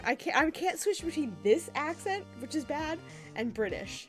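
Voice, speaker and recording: A woman's voice: high-pitched, expressive, normal speed. A young woman streaming a game playthrough, giggly and self-deprecating about her voices. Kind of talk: live game playthrough with voice acting. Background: game music.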